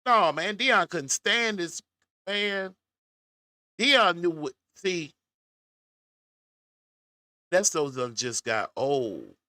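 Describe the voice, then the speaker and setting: Slow folksy man, bright voice. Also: high-pitched, lively intonation, no echo, clean studio sound. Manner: folksy, talks straight to his audience. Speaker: commentary host. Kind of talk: casual reaction commentary to viewers.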